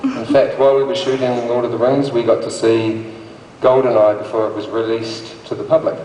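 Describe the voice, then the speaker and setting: A man's voice: medium pitch, flat delivery, fairly quick, warm tone. A male actor on a convention panel, chatting and laughing as he explains to the audience. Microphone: phone recording from the audience. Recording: echoey hall from far off, faint noise.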